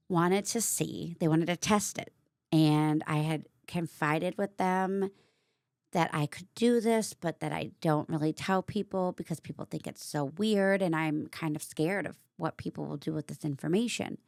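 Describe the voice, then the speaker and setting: A woman hosting her own vlog, candidly telling a personal story in a casual, animated way. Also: low-pitched, a little slow, no room sound, studio quality. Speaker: vlogger host.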